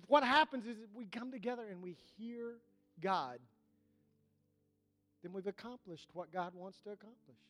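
A man with a notably high voice and a drawl preaches from the pulpit. He builds to loud, repeated cries, then drops to a near hush. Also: lively intonation, normal speed. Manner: impassioned preaching with rising, shouted repetitions and sudden hushed drops. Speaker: pastor. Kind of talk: sermon.

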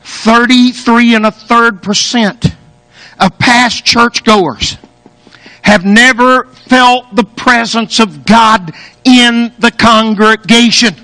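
A man's voice: extremely high pitch, slow pace, dry recording. A male preacher delivering an impassioned sermon, building rhythm by repeating words and long lists. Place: church sanctuary. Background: soft guitar music.

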